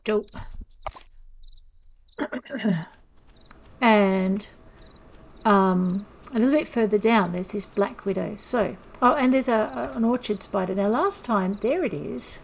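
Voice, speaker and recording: A woman with a mid-pitched voice gives relaxed let's-play commentary, chatty and self-deprecating as she talks straight to her viewers. The recording sounds somewhat dull and lo-fi, like a basic home mic. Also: takes it slowly, vocal fry, long pauses, a little hiss or hum. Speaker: gameplay narrator.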